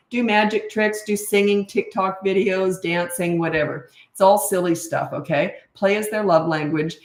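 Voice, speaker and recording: A middle-aged woman hosting a casual live Q&A as a parenting coach. She reads out viewer questions and answers them frankly and chattily into a camera mic. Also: lowish voice. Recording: roomy echo.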